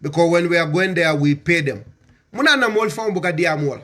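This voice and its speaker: Gambian man, high voice, heated political speech, repeated rhetorical questions. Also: lively intonation, a little fast, fairly bright tone. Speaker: political commentator.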